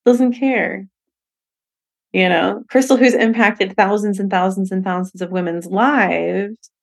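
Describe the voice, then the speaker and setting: Candid, laughing woman podcast host. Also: medium pitch. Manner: candid and profane, laughing often; animated, acts out voices in quotes. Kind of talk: casual solo podcast monologue.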